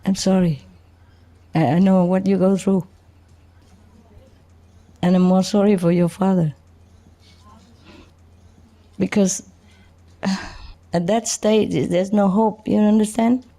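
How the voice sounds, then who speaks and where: An older woman giving an informal spiritual talk in simple, halting English, chatty and often laughing. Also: medium pitch, fairly even intonation, mellow. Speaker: spiritual teacher.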